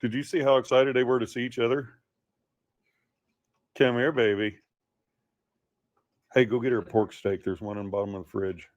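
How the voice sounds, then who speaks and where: A man's voice: mid-range voice, fairly even intonation, moderate pace, long pauses, dull audio. A man filming a casual home video, cooing at his pet in doting baby talk.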